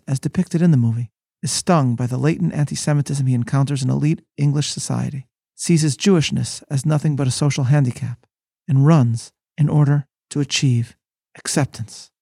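A man hosting a scripted Bible lesson, speaking in a measured, scholarly, sermon-like way. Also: medium pitch, vocal fry, dark tone, husky, no echo, clean studio sound. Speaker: host and rabbi.

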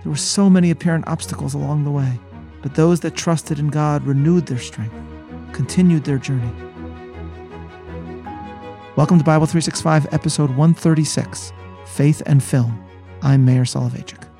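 A man hosting a scripted Bible lesson, speaking in a measured, scholarly, sermon-like way. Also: fairly high pitch, creaky, warm tone, faint music behind. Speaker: host and rabbi.

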